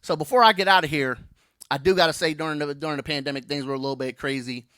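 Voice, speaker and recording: A man's voice: on the high side, steady tone, fast talker, sharp tone, clear, resonant tone, dry recording, clean studio sound. A man in his thirties doing a brash, playful stand-up comedy set on stage, teasing the crowd.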